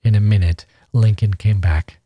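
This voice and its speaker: A low-voiced man reads a literary story aloud in a measured, steady way. The sound is dry and close, with no room around it. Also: husky, no room sound. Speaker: podcast host reading a story.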